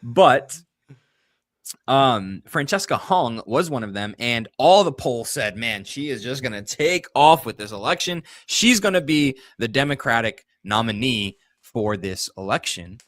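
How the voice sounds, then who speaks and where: Animated, laughing male co-host on a dry mic. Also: mid-range voice, measured pace, no room sound. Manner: laughs often, animated opinions. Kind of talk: casual political chat show.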